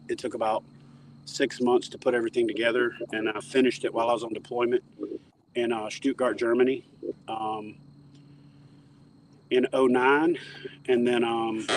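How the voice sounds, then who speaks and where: An interview guest from the Toledo Bend area of the southern US tells stories outdoors near a dock, with background noise around him. His mid-range voice moves fairly quickly, broken by long pauses, and his casual storytelling is animated, rambling, and full of jokes.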